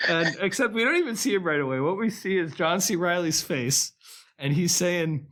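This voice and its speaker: Higher-pitched man retelling a film scene. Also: moderate pace. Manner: animated storytelling, laughing often, acting out quotes. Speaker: podcast co-host. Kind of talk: casual film discussion.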